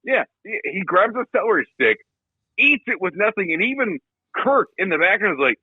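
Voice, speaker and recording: Animated, profane young man ranting. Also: high-pitched, normal speed, husky, dry recording, phone-quality sound. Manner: profane, animated storytelling with mocking impressions. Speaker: podcast co-host. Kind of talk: casual podcast movie rant.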